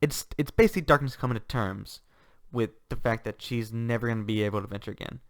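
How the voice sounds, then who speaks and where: A man's voice: medium pitch, fast, no room sound, studio quality. A man giving a casual, enthusiastic book review, rambling with restarts and laughter.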